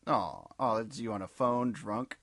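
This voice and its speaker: A man's voice: on the low side, measured pace, a bit bright, dry recording. A man co-hosting a casual comedy chat, teasing and swearing freely. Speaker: podcast co-host.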